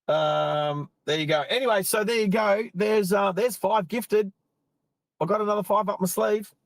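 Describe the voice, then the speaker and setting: A middle-aged Australian live-stream driving host chats from his car, parked on an outback roadside, in a high, creaky voice at normal speed. He rambles casually and cuts himself off mid-thought, with no echo in the recording.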